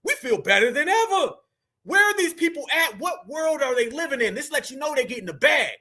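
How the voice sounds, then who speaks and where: A man's voice: extremely high pitch, very animated, fairly quick, bright, forceful tone. A man hosting a reaction commentary, talking emphatically and preachily to his audience. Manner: emphatic and preachy, keeps calling the audience fam. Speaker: commentary host.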